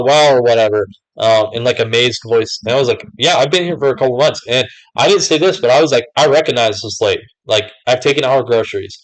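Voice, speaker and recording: In a low-quality recording, a young man with a medium-pitched voice chats to camera about recent events. His casual vlog rambles along, packed with filler words such as "like" and "whatever."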